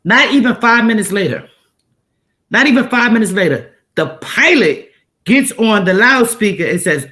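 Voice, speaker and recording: A woman's voice: medium pitch, lively intonation, normal speed, fairly bright tone. A woman host tells stories in casual, emphatic chat and repeats phrases for effect.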